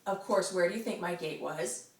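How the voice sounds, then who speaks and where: A woman telling a friend a story in casual chat, animated, often laughing and acting out the people she quotes. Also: fairly low pitch, moderate pace. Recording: roomy, distant mic, noisy background.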